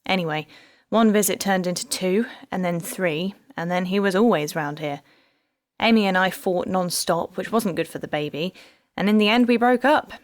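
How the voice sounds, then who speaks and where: A bitter, heartbroken woman detective, as a narrator puts her on, speaking low and close in a dry studio. She recounts old hurts with a rueful, wry edge, as if talking quietly across a table. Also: moderate pace, no room sound, close to an everyday voice.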